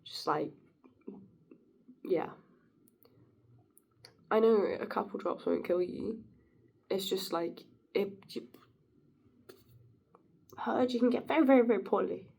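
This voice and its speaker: A woman with a husky, breathy edge to her voice, wandering through a loose spoken monologue. Her tone sits mellow and warm, with gravelly fry creeping into the ends of her phrases. She muses aloud and giggles easily as she goes. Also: medium pitch, slow pace, pauses often. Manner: meandering, giggly, philosophizing. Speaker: vlogger. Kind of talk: rambling casual monologue.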